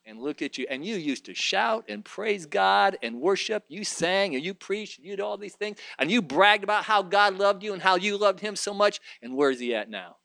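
A man's voice: sits high, animated, moderate pace, vocal fry, hardly any pauses, bright, forceful tone. A man preaching a sermon, reading scripture aloud and driving his points with rising intensity. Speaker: pastor.

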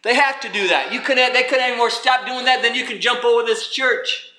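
A man with a high, very bright voice preaches a sermon, firing rhetorical questions and acting out the excuses people make. His voice rings out in a roomy, echoing space. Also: brisk, slight background noise. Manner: animated preaching with rhetorical questions and acted-out quotes.

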